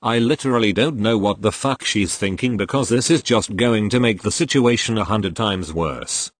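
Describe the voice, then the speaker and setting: A man reading online posts aloud in a steady, even scripted narration. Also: lowish voice, moderate pace, dry recording.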